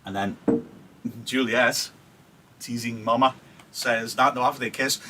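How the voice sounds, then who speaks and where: A man's voice: medium pitch, steady tone, measured pace, pauses often, sharp tone, a little hiss or hum, low-quality recording. A male teacher, giving a chatty live-streamed literature lesson and checking in with "yeah?" asides. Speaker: English teacher.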